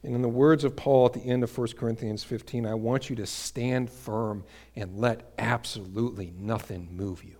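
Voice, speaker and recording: A man preaching a sermon to a congregation, building to emphatic peaks and dropping to quiet asides, asking the listeners questions. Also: medium pitch, normal speed, hardly any pauses. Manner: energetic, rises to emphatic peaks then drops to quiet asides. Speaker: pastor.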